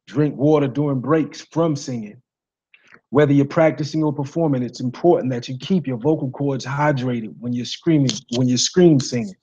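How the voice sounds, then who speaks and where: Raspy man giving rambling singing tips. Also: mid-range voice, moderate pace, warm tone, dull audio. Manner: rambling, repeats himself, says "you know" and "guys" often. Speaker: singing coach. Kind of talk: casual vlog lesson to viewers.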